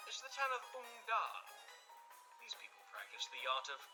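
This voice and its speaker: Lecturing know-it-all game scholar, voiced by a performer; animated, music clear underneath. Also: mid-range voice, normal speed, natural voice. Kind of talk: game character dialogue.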